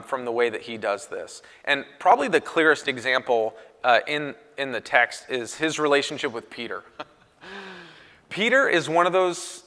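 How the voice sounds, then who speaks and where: A bright, forceful man gives a lively conference talk to church leaders, throwing his pitch up sharply whenever he acts out a quoted voice. His voice sits fairly high for a man. It rings through a large hall with a long tail of reverb.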